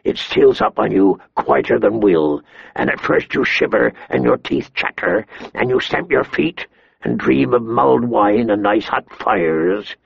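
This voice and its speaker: Man voicing a gruff grizzled man-at-arms, gravelly, low and brooding, dull lo-fi sound. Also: animated, a little slow, no echo, heavily acted. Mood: grim. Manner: low, heavy, brooding delivery.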